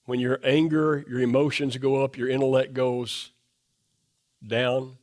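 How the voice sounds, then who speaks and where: A middle-aged man preaching a sermon in a church, asking the congregation question after question, his voice dropping low and soft to drive points home. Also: little pitch movement, measured pace. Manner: emphatic, asks the congregation rhetorical questions. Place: church sanctuary.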